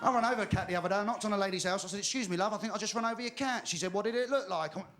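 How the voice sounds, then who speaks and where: A male stand-up comedian firing off deadpan one-liners. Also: sits high, very fast. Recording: very hissy old TV recording.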